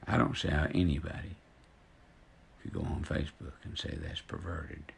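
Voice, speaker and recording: Gravelly, very deep folksy storyteller man. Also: little pitch movement, moderate pace. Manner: blunt, indignant, folksy. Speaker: storyteller on live stream. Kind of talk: folksy live-stream storytelling.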